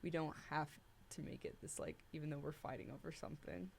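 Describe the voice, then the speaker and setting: A woman's voice: low-pitched, fairly quick, creaky, a little mellow, slight background noise. A young woman co-hosting a casual discussion podcast, chatty and upbeat, with frequent "like". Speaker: co-host.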